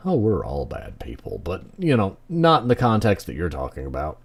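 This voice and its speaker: A man's voice: deep voice, big pitch swings, fairly quick, few pauses, husky. Man making wry let's play jokes. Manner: wry, joking asides to the game.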